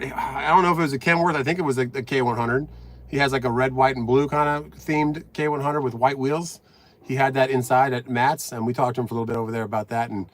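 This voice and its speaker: A middle-aged man in his truck cab, live-streaming from a phone on the dash, chatting casually and greeting viewers, a bit out of breath. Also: mid-range voice. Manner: reads out viewer comments, upbeat and chatty.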